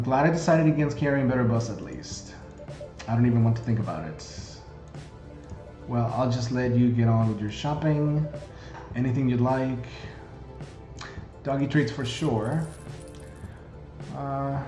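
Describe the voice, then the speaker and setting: A man's voice: mid-range voice, dark tone. Chatty male game streamer, roomy sound. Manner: chatty, jokey, reads game text aloud. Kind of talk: casual game commentary, reading dialogue aloud. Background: faint game music.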